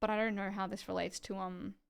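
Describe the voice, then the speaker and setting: A woman's voice: mid-range voice, little pitch movement, fairly quick, vocal fry, clear, resonant tone. An Australian woman livestreaming, reading dense legal text aloud and chatting offhand with viewers, swearing casually.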